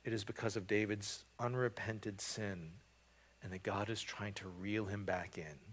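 A man's voice: fairly low pitch, steady tone, moderate pace. Earnest male preacher with surging emphasis. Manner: earnest preaching with rising, emphatic bursts and frequent restarts. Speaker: pastor. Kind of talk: sermon.

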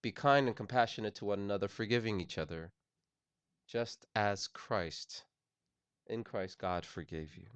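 A man delivers a sermon in a low, deep voice, earnest and conversational, repeating and restarting phrases. The sound is dry, with little room in it. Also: moderate pace, smooth, dry recording. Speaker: pastor. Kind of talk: sermon on forgiveness.

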